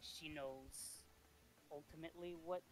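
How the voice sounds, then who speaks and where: A man's voice: a little high, fairly even intonation, unhurried, rough recording. A man playing in a tabletop game, describing what his character does in a hesitant way with many fillers. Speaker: player.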